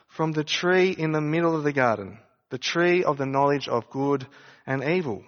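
A man's voice: on the high side, animated, normal speed, in a large hall, lo-fi sound. A man preaching a sermon, speaking conversationally and asking his listeners rhetorical questions. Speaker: pastor.

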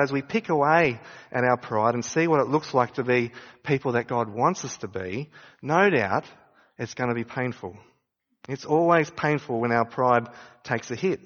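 A man's voice: medium pitch, a bit bright, in a large hall, lo-fi sound. A man preaching a sermon, speaking conversationally and asking his listeners rhetorical questions. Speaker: pastor.

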